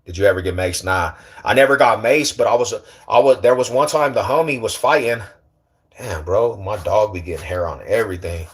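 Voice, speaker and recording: A man chats casually on his livestream. He talks in loose slang, animated and teasing as he banters with the people watching. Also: fairly low pitch, fairly quick. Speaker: livestream host.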